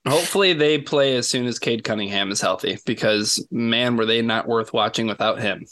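A man's voice: mid-range voice, normal speed, a bit bright. A man co-hosting a podcast as an analyst, talking earnestly and thinking aloud with many restarts. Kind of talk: casual podcast chat.

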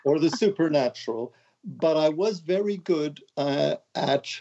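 A man's voice: a little high, lively intonation, a little slow, mellow. Wry older man from Montreal. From Canada, Montreal. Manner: wry, joking, self-deprecating. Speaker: author and guest. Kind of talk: casual interview talk. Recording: dull lo-fi audio.

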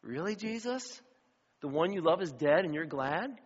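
A middle-aged man preaching a sermon as pastor, animated storyteller who acts out the voices of the people in his stories. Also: fairly high pitch, moderate pace, breathy edge. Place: church sanctuary. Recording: dull sound with long hall reverb.

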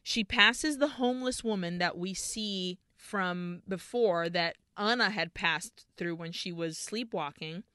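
In a casual podcast chat, this female co-host walks through a film's scenes in detail, laughing at emotional moments. Her fairly low voice is clear, resonant, pushed and bright, unhurried with few pauses. The recording is dry and studio quality.

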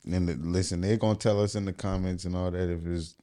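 A man's voice: low-pitched, fairly even intonation, fast talker, mellow. A man co-hosting a podcast in casual chat, laid-back and interjecting.

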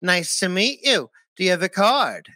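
A man putting on a high, sing-song impression of his chatty, proud mother. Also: sing-song, moderate pace, sharp tone, no room sound. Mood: gushing. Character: chatty proud mother, older woman, sociable.

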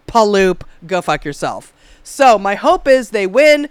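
Woman co-host, smooth clear voice, dry sound; blunt, swears freely, worked-up podcast talk. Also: medium pitch, animated, moderate pace, no room sound. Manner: blunt, profane, fired-up. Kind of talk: casual podcast chat.

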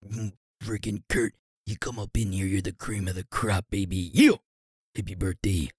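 A gravelly, hyped-up wrestler voice, as a man puts it on with a sore throat. It swings between loud bursts and low growls. The sound is dry and close. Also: moderate pace, no echo.

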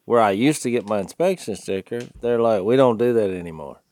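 A man's voice: lowish voice, brisk, no echo. A man in his fifties with a Southern twang, telling a long story in casual podcast chat and acting out other people's lines in a raised voice. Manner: animated, acts out other people's lines with a raised voice, laughs often. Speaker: podcast co-host.

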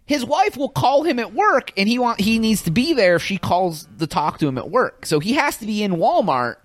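A man's voice: sits high, very animated, normal speed, no room sound. A man co-hosting a casual comedy podcast, telling a story loosely with frequent laughs and restarts. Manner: laughs often, tells stories loosely with restarts. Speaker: podcast co-host. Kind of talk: casual chat.

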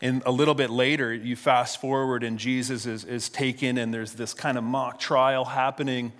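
A man's voice: medium pitch, little pitch movement, moderate pace, fairly bright tone, long reverb tail. A male pastor retelling a story in a sermon, casual and conversational, often repeating a word as he restarts.

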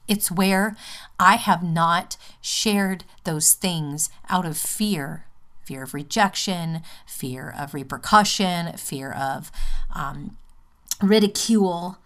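A woman's voice: fairly low pitch, slow, a bit bright. A woman hosting her own podcast, speaking an earnest, heartfelt personal monologue from home, rambling a little with fillers and restarts. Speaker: podcast host. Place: home, just out of the bath.

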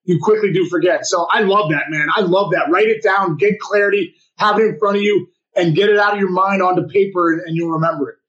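A man's voice: high voice, fast, hardly any pauses, fairly bright tone, dull audio. A man co-hosting a podcast as a former ballplayer, agreeing enthusiastically and repeating his points. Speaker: former baseball player and co-host. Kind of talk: casual podcast chat.

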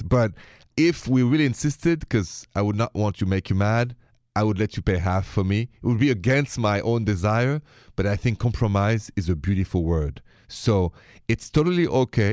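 French-accented radio advice host, low and dry. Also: male voice, darkish tone, no echo. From France. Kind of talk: radio advice show hosting. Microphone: studio microphone.

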